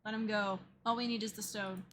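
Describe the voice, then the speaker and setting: A woman's voice: mid-range voice, fairly even intonation, a little fast, fairly bright tone, close to an everyday voice. A woman voicing a stern male detective, reading game dialogue aloud in clipped commands.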